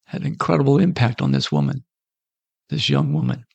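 Telling a story in a sermon, a preacher speaks conversationally and acts out the voices of the people in it. His medium-pitched voice swoops wildly, brisk, creaky, and husky, recorded with no room sound.

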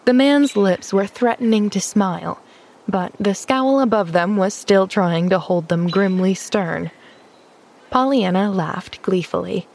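A woman reading a classic novel aloud as narrator, in an even, measured way. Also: mid-range voice, creaky. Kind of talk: scripted narration.

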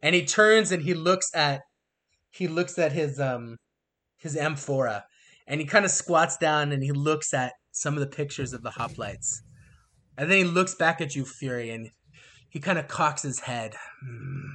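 A man's voice: a little high, unhurried. A man in his thirties narrating a tabletop game as game master, telling it in a loose, filler-heavy way. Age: 30s. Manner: lively, filler-heavy storytelling.

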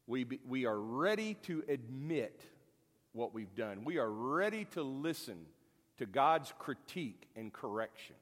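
A man delivers a folksy, conversational sermon, wandering into stories and jokes with plenty of ums and restarts. His pitch swings widely, and his voice carries a long reverb from the hall. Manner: folksy, storytelling, many fillers and restarts. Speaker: pastor.

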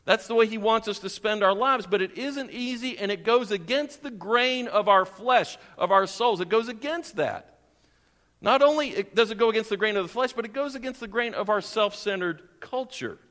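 High, bright-voiced male preacher. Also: moderate pace, big-room sound. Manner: animated, questions the congregation, chuckles often. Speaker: pastor. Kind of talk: sermon. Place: church sanctuary.

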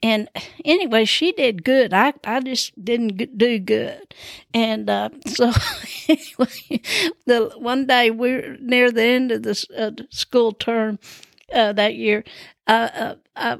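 A woman's voice: fairly high pitch, gravelly, no room sound, clean studio sound. A woman hosting her own show, telling rambling personal stories in a chatty, meandering, self-deprecating way. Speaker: podcast host.

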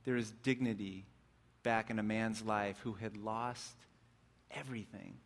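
A man preaching a sermon, retelling a story vividly, swinging between excited bursts and hushed, reflective passages. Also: on the low side, unhurried.

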